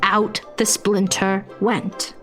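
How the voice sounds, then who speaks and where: A woman narrating a children's fairy tale in a playful, expressive voice, now and then dropping to a whisper for suspense. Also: mid-range voice, slow pace, faint music behind. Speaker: storyteller playing the fairy narrator. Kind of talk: scripted children's story narration.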